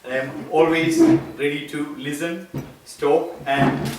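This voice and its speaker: A middle-aged man with a non-native English accent speaks to a small gathering in someone's home, earnest and self-deprecating as he thanks his hosts. His voice sits a little high, and he pauses often on fillers. The room rings heavily, the mic is some distance away, and a faint hiss runs underneath. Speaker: school board candidate. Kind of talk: campaign meet-and-greet speech. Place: living room of a private home. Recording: echoey room, mic from far off.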